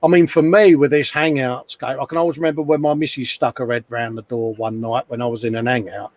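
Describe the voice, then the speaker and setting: A man's voice: medium pitch, fairly even intonation, brisk. A middle-aged man hosting a casual live chat from his hobby workshop, chatty and self-mocking, often laughing at himself. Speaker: livestream host. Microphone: desk microphone.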